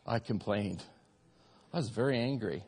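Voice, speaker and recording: A man preaching a sermon as pastor, rising to loud peaks and dropping to quiet asides. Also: lowish voice, normal speed, slightly rough. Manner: preaching, swings from shouted peaks to soft asides. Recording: long hall reverb.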